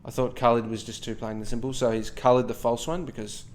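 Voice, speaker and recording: A man's voice: mid-range voice, level tone, fast, a little hiss or hum. Playful man telling history casually. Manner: playful, jokey asides, frequent "okay?". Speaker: podcast co-host.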